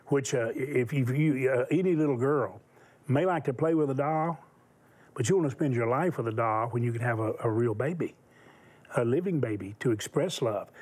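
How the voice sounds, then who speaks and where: A man's voice: mid-range voice, darkish tone, husky. A man hosting a Christian television talk show, speaking in an emphatic, preacherly way.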